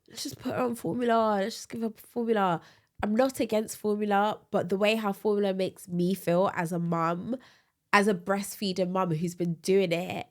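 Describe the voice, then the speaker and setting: Casting note: woman co-hosting a podcast, chatty and animated, tired with a slight cold. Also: medium pitch. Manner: chatty, animated, laughs often. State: tired, a bit bunged up with a cold. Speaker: podcast co-host. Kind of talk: casual chat.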